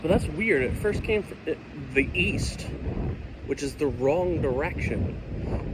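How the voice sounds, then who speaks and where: Chatty man outdoors in stormy wind. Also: mid-range voice. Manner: chatty, self-deprecating, jokey asides. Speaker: vlogger filming a storm. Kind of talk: casual rambling commentary. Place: outdoors by his house in a storm.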